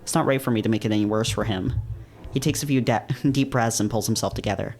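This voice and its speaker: A man reading a visual novel aloud in the first person, breaking off into casual, swearing, laughing commentary. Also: lowish voice. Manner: casual, swears and laughs, quick animated reactions.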